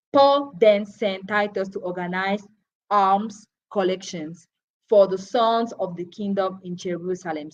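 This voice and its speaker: Woman, Bible teacher, very slow delivery, dull lo-fi sound. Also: mid-range voice. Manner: deliberate, with restarts and verse citations. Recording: dull lo-fi broadcast audio.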